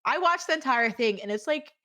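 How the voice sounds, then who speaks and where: A woman in her twenties, a guest in a casual chat, animated and outspoken with casual swearing. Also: high voice, a little fast. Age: 20s.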